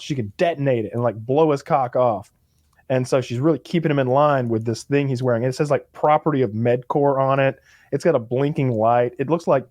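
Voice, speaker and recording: A man's voice: medium pitch, no echo. A man co-hosting a podcast, casually retelling a movie and acting out its characters. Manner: animated storytelling, acts out characters. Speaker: podcast co-host. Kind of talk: casual chat.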